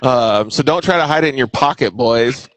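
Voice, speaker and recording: A man's voice: mid-range voice, normal speed, no echo, rough recording. A man hosting a casual chat show, talking in a laid-back, slangy, rambling way. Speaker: host.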